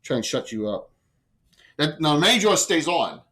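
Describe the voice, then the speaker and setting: A man running a tabletop game as game master, chatty and loose, with quick rules asides. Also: a little high, big pitch swings, sharp tone, slightly rough, rough recording.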